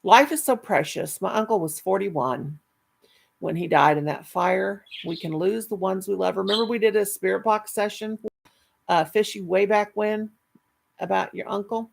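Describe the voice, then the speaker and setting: A woman's voice: mid-range voice, moderate pace, gravelly. A middle-aged woman hosting a casual live stream, reading chat and rambling fondly with many restarts. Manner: chatty, affectionate, rambling with restarts.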